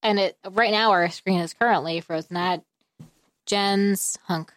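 A woman's voice: mid-range voice, unhurried, dry recording. A woman co-hosting a casual podcast, chiming in with wry remarks and questions. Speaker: podcast co-host. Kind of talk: casual chat.

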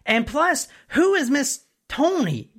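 Woman podcast co-host, lively crime storyteller, casual. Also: high-pitched, slow pace. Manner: animated storyteller, building suspense. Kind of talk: casual true crime chat.

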